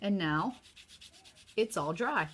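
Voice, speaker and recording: A woman with a bright, forward voice walks viewers through a craft project at her home table. She talks in a chatty, upbeat way, and her sore throat leaves her sounding slightly worn. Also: mid-range voice, animated, takes it slowly. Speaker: craft designer demonstrating card making. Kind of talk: casual craft tutorial.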